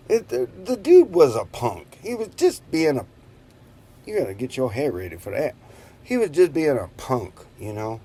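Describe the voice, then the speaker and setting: A man's voice: a little high, big pitch swings, normal speed, mellow, husky. A man in his fifties telling a rambling story in a casual way, chuckling as he goes. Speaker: vlogger.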